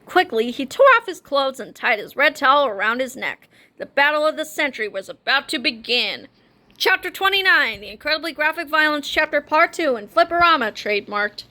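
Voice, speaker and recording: A woman narrating a children's book aloud in an expressive reading voice. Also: high voice, brisk.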